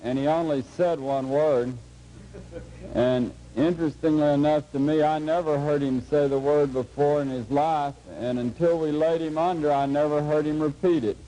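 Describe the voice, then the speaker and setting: A man's voice: a little high, fairly even intonation, mellow, poor audio. Folksy man telling a tale. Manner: folksy, dry, unhurried storyteller. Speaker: lecturer. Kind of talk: humorous storytelling lecture. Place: lecture hall before a live audience.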